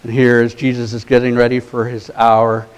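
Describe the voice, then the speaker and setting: A male pastor delivering a sermon, moving from hushed, low passages to rising, emphatic exhortation, stressing key words slowly and deliberately. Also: completely flat delivery, clear, resonant tone, low-quality recording.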